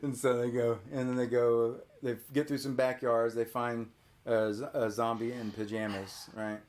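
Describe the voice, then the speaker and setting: A man hosting a podcast, casually retelling a film's story to a child and prompting with quick questions. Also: medium pitch, flat delivery, a little mellow. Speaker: podcast host. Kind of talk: casual movie recap chat with a child.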